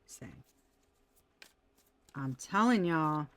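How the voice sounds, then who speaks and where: A woman's voice: sits low, animated, drawn-out words, fairly bright tone, dry recording. A woman giving a casual tarot reading, talking animatedly, laughing often and swearing freely. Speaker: tarot reader.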